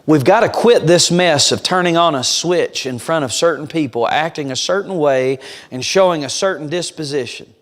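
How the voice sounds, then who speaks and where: A man's voice: a little high, normal speed. Emphatic male preacher in a reverberant church. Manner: emphatic, storytelling, direct address to congregation. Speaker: revival preacher. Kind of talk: sermon. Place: church sanctuary.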